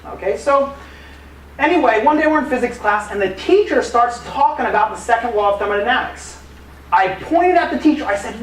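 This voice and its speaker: A man, an apologetics teacher, giving a live conference talk in lively, casual storytelling style with acted quotes and fillers. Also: high voice, a little fast. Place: museum conference room. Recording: echoey room, distant mic, faint noise.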